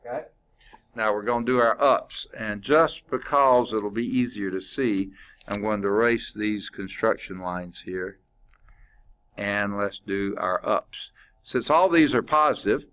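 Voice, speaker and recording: Low-voiced man teaching math. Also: a bit bright. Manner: works problems aloud, quizzing students; informal and chatty, with asides. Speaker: math instructor. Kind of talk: classroom lecture. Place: classroom.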